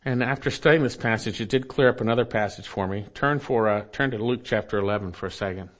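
A man's voice: on the low side, fast, a bit bright. A man preaching a sermon to his congregation, reading scripture aloud and earnestly repeating his key phrases. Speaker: pastor.

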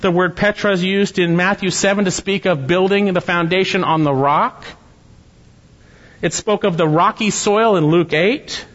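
A man's voice: sits high, steady tone, normal speed, fairly bright tone, in a large hall, muffled recording. A man preaching an expository sermon, earnest and teaching through rhetorical questions. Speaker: pastor.

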